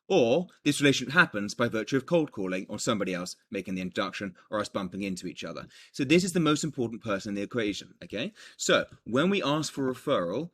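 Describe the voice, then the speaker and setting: Lively low-voiced male coach. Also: a little hiss or hum. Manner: energetic, animated, joking asides. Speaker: business coach. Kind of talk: recorded coaching lesson.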